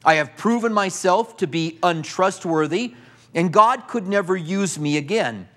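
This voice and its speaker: A man's voice: sits high, lively intonation, a little slow, pushed and bright, full character voice. A man preaching who voices an impulsive fisherman disciple, speaking earnestly and pleadingly. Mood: defeated.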